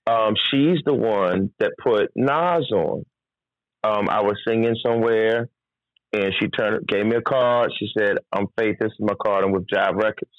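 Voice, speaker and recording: Singer dude from virginia telling stories on a podcast, doing everyone's voices, squeaky disbelief, kinda dull dry audio. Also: male voice, measured pace, dry recording. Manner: animated, mimics people, jumps into incredulous high-pitched outbursts. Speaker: singer and recording artist. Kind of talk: casual podcast storytelling.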